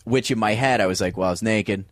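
Speaking fast at a fairly low pitch, a male comedian guest in an interview recounts a wild story, animatedly voicing the other characters involved. The recording has no room sound.

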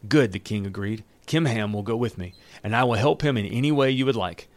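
A man's voice: lowish voice, brisk, no room sound. Dry-voiced man reading scripture aloud. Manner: reads scripture aloud, then retells it loosely in everyday words. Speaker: Bible reader and teacher. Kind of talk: Bible reading with casual commentary.

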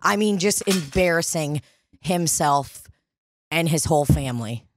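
Speaking unhurriedly in a low-pitched voice, a woman co-hosting a podcast from a dining room studio recounts a bar story full of profanity. She's animated and performs the voices of everyone she quotes, with slight background noise in the recording.

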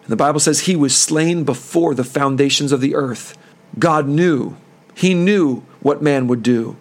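A man's voice: on the high side, measured pace. A man hosting a preaching podcast, fervent and earnest, who voices pleading prayers.

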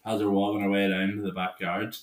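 A Northern Irish man in his twenties co-hosts a casual chat and rambles through his stories. His voice sits fairly low, and the room gives a roomy echo. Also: little pitch movement, brisk, very noisy. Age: 20s. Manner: rambling, laughing anecdotes with lots of "like". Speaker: podcast co-host.

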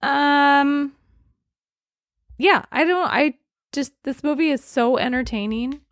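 A woman co-hosting a film podcast, talking in a loose, rambling way and often correcting herself mid-thought. Her voice sits a bit high. The recording is close and dry, with no room sound. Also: slow, no echo. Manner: chatty, rambling, self-correcting. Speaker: podcast co-host. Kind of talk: casual chat reviewing films.

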